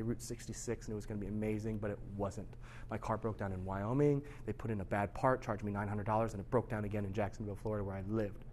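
A young adult man preaching a sermon to a youth group as their pastor. He moves between hushed, low stretches and loud, intense ones, and acts out quoted thoughts by repeating them.

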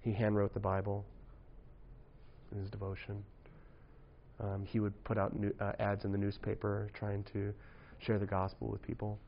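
Gravelly man preaching casually to youth. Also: lowish voice, monotone, moderate pace, highs cut off, a little hiss or hum. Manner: conversational, joking, frequent "right?" asides. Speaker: youth pastor. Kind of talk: casual sermon to young people.

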